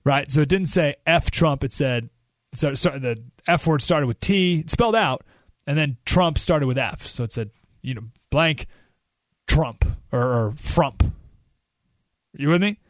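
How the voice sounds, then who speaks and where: A man hosting a talk radio show, telling a story in an animated, emphatic way with rising indignation. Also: fairly high pitch, a little slow, no echo, studio quality. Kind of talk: opinionated radio monologue.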